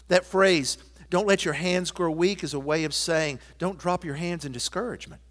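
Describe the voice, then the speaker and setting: A man preaching a sermon, quoting scripture and hymn lines and moving from loud emphatic declarations to soft, intimate asides. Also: high voice, moderate pace, hardly any pauses. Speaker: pastor.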